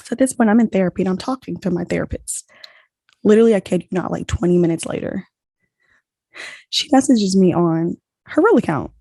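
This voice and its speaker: A young woman hosting a podcast, telling a story in a casual, animated way and saying "like" a lot. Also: lowish voice, fairly quick, creaky, pauses often, no room sound. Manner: animated, heavy use of "like", acts out quoted dialogue. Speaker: podcast host.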